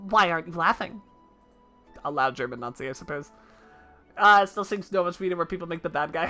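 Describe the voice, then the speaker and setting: A young woman streams a game live and chats with her viewers, quick to form opinions and sprinkle in fillers. Her voice is bright and forceful. Faint music runs in the background. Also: on the low side. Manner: chatty, opinionated, with filler like and laughs.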